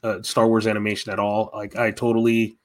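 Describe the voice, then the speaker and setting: A man's voice: fairly low pitch, monotone, brisk. Rambling, enthusiastic man in casual chat.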